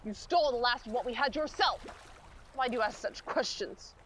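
A woman's voice: a little high, a bit bright, slight background noise, natural voice. A woman acting a weak, parched shipwrecked woman, speaking wearily and mournfully in an outdoor stage performance. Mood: weary. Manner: weary, slow, mournful. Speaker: actor playing the businesswoman. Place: outdoor marina platform.

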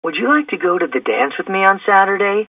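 A man's voice: sits high, lively intonation, fairly quick, no room sound, voice pushed up. A man reading a storybook aloud and voicing a shy schoolboy who talks in a hesitant, polite way. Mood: hopeful. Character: shy schoolboy asking a girl out. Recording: distant, tinny phone-like sound.

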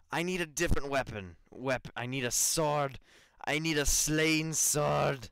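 A young man hosting a casual let's-play, excitable and swearing freely as he reacts to the game. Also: a little high, measured pace, gravelly, clean tone. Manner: excitable, swearing, laughing, reads game text aloud. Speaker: gaming channel host.

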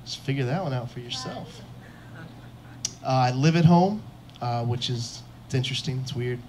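A man's voice: medium pitch, animated, moderate pace, darkish tone, slight background noise. A young man performing a stand-up comedy set on a club stage into a handheld mic, self-deprecating and chuckling at his own jokes.

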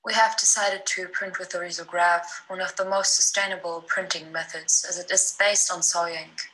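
A woman, a design student, reads a scripted presentation in a steady, explanatory way. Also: on the low side, normal speed, poor audio.

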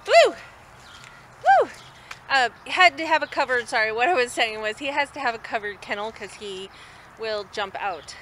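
With loud noise around her outdoors, a woman from an animal shelter films on her phone while coaxing a dog through repeated calls and commands in casual talk. She speaks on the high side and fairly quickly.

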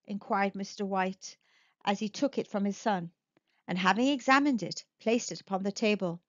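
A woman reads a classic story aloud in a clear, expressive storyteller's voice, pitched in the middle range. The recording is dry and a little dull, with no room sound. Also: normal speed, no echo. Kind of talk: storybook narration for English learners.

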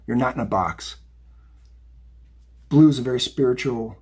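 Brief: middle-aged male tarot reader, rough breathy voice, loose chatty delivery. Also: mid-range voice, moderate pace. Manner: chatty, rambling, animated, says "right?" and "okay?" often. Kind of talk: casual tarot reading monologue.

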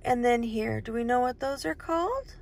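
A woman leads a storytime for little ones, her voice sitting a touch high and swooping up and down. She talks very slowly and gently, and a gravelly edge of fry creeps into her voice. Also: lively intonation. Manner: slow, sing-song, asks the child many questions. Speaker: children's storytime host. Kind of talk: reading a picture book aloud to young children.

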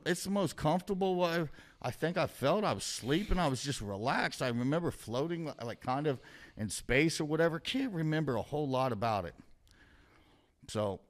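A man, a podcast guest, telling a story in a casual, rambling way with constant swearing and a vivid play-by-play. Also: mid-range voice.

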